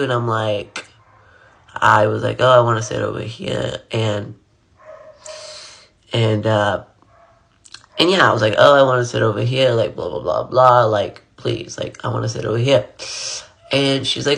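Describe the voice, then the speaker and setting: A young man chats through a personal story as he gets ready for the day, his voice bright and forward at an average pitch. He rambles loosely, packing his sentences with "like" and "blah, blah" as he goes. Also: a little slow, vocal fry, pauses often. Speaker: vlogger. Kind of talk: casual storytime while getting ready.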